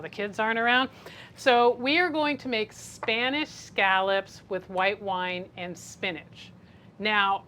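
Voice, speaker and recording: A woman's voice: on the high side, sharp tone. A woman hosting a casual home cooking demonstration in her kitchen, talking in a chatty, encouraging way with fillers and self-corrections. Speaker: cooking show host. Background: faint sizzling of a pan on the stove.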